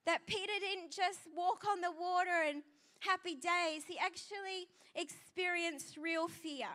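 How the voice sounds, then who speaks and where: High bright-voiced woman preaching. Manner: emphatic, repeats key phrases. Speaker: pastor. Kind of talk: sermon. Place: church service with a live congregation.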